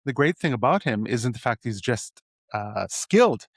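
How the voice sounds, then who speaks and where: A man's voice: medium pitch, animated, moderate pace, dry recording, clean studio sound. A man from Edmonton hosting an interview, talking in an enthusiastic, rambling way with many restarts. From Edmonton, Canada. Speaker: podcast host. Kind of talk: casual interview.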